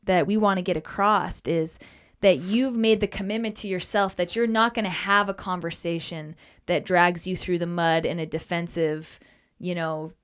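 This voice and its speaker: A woman's voice: lowish voice, steady tone, normal speed, clean tone. A woman in casual talk about relationships who earnestly acts out the lines she quotes. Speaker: co-host.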